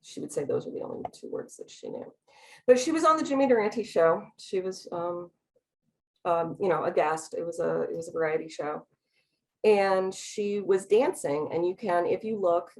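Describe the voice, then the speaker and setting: A woman lecturing to a room about pictures on slides. Her voice sits a little low, and she talks fast, stopping and restarting her sentences with frequent ums. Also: creaky, a little mellow, slight background noise, rough recording. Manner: hesitant, many ums and restarts; speaks fast. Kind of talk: academic talk with slides.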